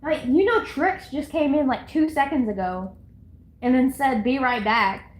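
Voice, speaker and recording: Woman streamer, high voice, chatty and giggly, echoey room. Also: a little slow. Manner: rambling, giggly, talks to chat and herself. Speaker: livestreamer. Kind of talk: casual live-stream chatter. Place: at home, indoors.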